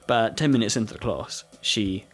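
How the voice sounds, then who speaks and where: A young British man with a husky voice, casually telling a school story with lots of "like" fillers and laughter. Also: on the low side, brisk. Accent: British English. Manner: rambling storytelling with frequent "like" fillers, laughing often. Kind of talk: casual chat.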